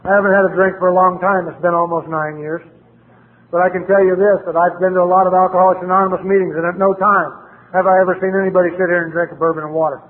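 A man's voice: high-pitched, level tone, fast. A middle-aged man with a blunt, plain-spoken manner, sharing his recovery story at a meeting. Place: meeting hall. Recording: tinny lo-fi recording in a reverberant hall.

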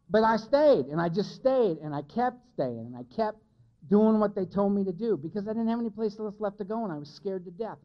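Here a man with a high-pitched, expressive voice keeps a moderate pace. As the speaker at a recovery meeting, he delivers a frank, self-deprecating testimony to those present, recorded in dull, lo-fi quality.

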